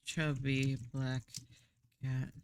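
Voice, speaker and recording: A woman's voice: a bass voice, little pitch movement, very slow, a little mellow, clear, resonant tone. A woman streaming live, chatting casually and rambling while she works, laughing often and swearing now and then.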